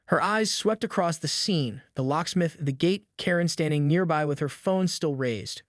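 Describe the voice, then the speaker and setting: A man's voice: a little high, moderate pace, no room sound, studio quality. A man reading a dramatic story as a narrator in a scripted way.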